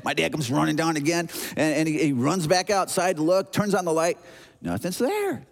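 A man in his sixties from Chicago, preaching a sermon as an animated storyteller who acts out noises and voices. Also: on the high side, moderate pace, slight background noise. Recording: long hall reverb.

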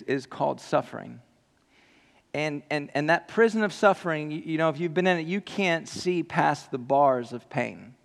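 A male pastor preaching a sermon with animated, jokey storytelling and earnest appeals to the listeners. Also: on the high side, vocal fry. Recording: long hall reverb.

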